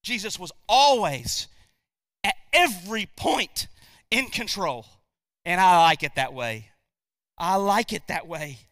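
A man's voice: high voice, expressive, takes it slowly, pauses often, a bit bright, dry recording, studio quality. A man preaching a sermon as pastor, emphatic, repeating key lines and asking the congregation questions.

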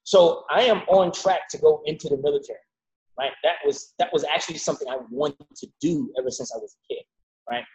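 A man guest in a casual interview, chatty and expressive as he tells his story. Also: fairly high pitch, a little fast, muffled recording. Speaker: guest, hip hop artist and martial arts teacher.

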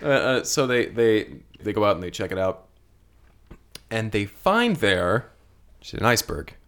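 Animated man improvising a comedy story. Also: lowish voice, unhurried. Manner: animated, jumps in and echoes others.

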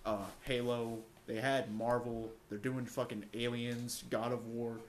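A young man co-hosting a casual podcast chat, joking and ranting with animated energy. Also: mid-range voice, measured pace, slight background noise. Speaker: podcast co-host.

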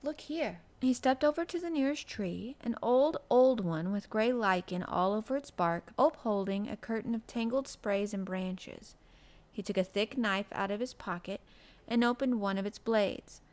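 A woman narrating a storybook in a soft, gentle, measured reading voice. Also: medium pitch. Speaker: audiobook narrator.

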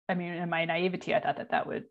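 A woman in her forties speaking candidly in an interview, halting and full of fillers. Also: lowish voice, monotone, narrow, tinny audio. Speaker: guest. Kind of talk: personal interview.

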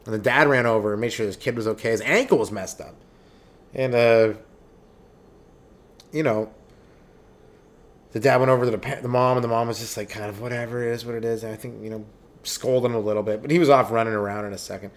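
A young man doing a rambling, profane comedy monologue as a stand-up podcast host, who keeps breaking into quick acted voices and yells. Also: medium pitch, steady tone.

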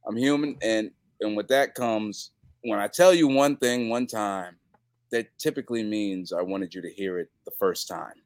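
A man's voice: on the low side, moderate pace, no room sound, clean studio sound. A man as a podcast guest, telling crude stories and acting out the people in them. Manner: profane, animated storytelling with acted-out quotes. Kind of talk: casual chat.

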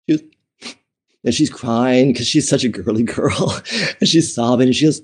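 A man at an ordinary middle pitch tells a personal story to an interviewer. He talks in a chatty, candid way, restarting sentences and padding them with fillers. He laughs easily as he goes. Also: normal speed, long pauses, darkish tone, slightly rough. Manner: laughs often while telling. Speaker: interview guest.

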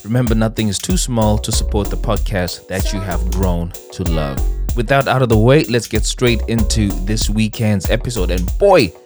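A man's voice: on the low side, normal speed, music in the background. A man hosting a podcast, thanking supporters in an enthusiastic, casual way. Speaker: podcast host. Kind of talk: casual podcast host read.

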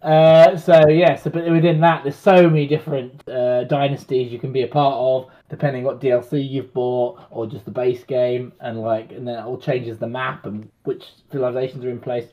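A man's voice: mid-range voice, steady tone, normal speed, few pauses. A man on a podcast panel, chatting casually about games in a rambling way and correcting himself as he goes. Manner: rambling, self-correcting, chuckling. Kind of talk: casual chat. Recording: dull lo-fi audio.

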